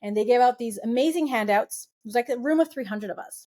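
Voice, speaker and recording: A woman's voice: on the high side, quick pace. A middle-aged woman, a podcast guest, telling a personal story in a conversational way, acting out the voices she quotes and laughing now and then. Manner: animated, acts out quoted voices.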